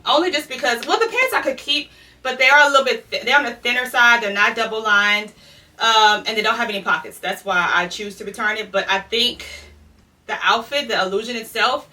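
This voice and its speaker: A woman's voice: a little high, sharp tone, far from the mic. A woman from Louisiana chatting through a clothing try-on haul, out of breath and talking straight to her viewers. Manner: chatty, addresses viewers as y'all. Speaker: fashion vlogger. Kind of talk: casual try-on haul chat.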